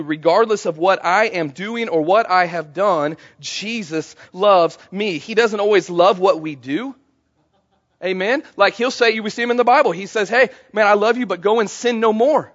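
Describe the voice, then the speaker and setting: Preaching to a congregation during a church service, a male pastor speaks in a high-sitting, fairly bright voice, though the recording cuts off the highs. His manner is conversational, and he prompts listeners to respond.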